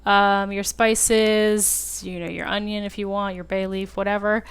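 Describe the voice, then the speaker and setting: A woman's voice: mid-range voice, flat delivery, unhurried, clean tone. A woman hosting a casual cooking tutorial, chatty and self-deprecating, with lots of fillers. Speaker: home cooking channel host.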